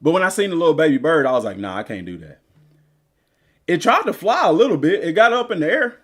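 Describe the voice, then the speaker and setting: Guy streaming a game, high voice that jumps all over, loose rambling chat at his desk mic. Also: animated, racing. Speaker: gaming streamer. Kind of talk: casual live-stream chat.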